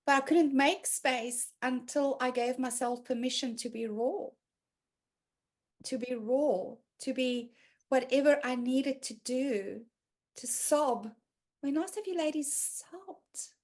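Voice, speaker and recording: Woman host, high-voiced, animated, casual, video-call sound. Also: slow pace. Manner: animated, laughs often, acts out quotes. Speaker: group session host. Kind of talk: casual online group session.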